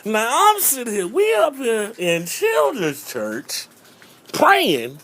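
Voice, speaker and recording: A man's voice: very high-pitched, wildly swooping pitch, slow pace, a bit bright. A man doing stand-up storytelling about growing up in church, playful and acting out little voices, often repeating a catchphrase. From North Carolina. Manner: playful, repeats "I'm just saying", acts out voices. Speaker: comedian.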